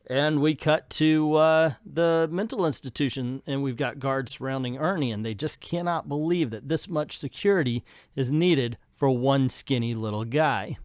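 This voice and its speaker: A man's voice: mid-range voice, moderate pace, few pauses, no echo, clean studio sound. A man reviewing comic books in casual commentary with sarcastic asides.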